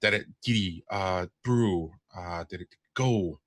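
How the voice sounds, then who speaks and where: A man voicing a small, hungry, frightened podling creature that mumbles slow, broken words under its breath in a tabletop game. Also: low voice. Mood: mumbling, tired.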